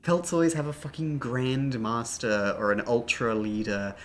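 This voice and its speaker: A woman's voice: a bass voice, steady tone, measured pace, a little hiss or hum. A woman streaming a video game in casual commentary, joking, laughing often and swearing casually.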